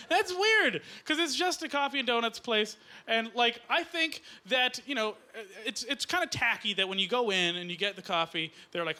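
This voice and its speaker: High-voiced excitable male stand-up comic. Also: brisk. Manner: excitable, jokey, rising to shouts. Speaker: stand-up comedian. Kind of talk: stand-up comedy set. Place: comedy stage before a live audience. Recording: loud live audience noise.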